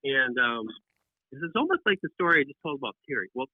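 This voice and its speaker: A man's voice: medium pitch, fast talker, dry recording. Guy rambling through a story on a call, lots of restarts, thin phone sound, dead dry. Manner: animated, rambling with many restarts. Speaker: podcast guest, deer hunting writer. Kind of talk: casual storytelling. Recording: tinny phone-line audio.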